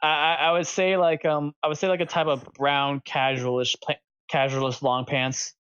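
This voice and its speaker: A man's voice: a little high, little pitch movement, normal speed, fairly bright tone, clear, resonant tone, lo-fi sound. A man in casual talk as a player at a tabletop game, stammering and repeating words.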